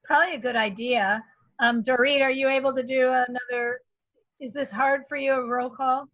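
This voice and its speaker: A woman chairing an online meeting, brisk and joking, on a dull video call line. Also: sits high, fairly even intonation, fairly bright tone, no room sound.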